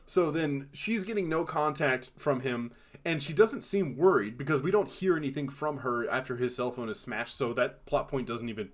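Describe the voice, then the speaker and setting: A man's voice: medium pitch, moderate pace. A man co-hosting a film podcast, talking casually and with animation, swearing freely and acting out quotes in exaggerated voices. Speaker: podcast co-host. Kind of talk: casual chat.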